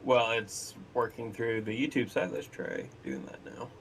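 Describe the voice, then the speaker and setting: A man on a podcast panel calmly reporting a technical problem before the show. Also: medium pitch, normal speed, a little hiss or hum. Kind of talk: casual tech check chat.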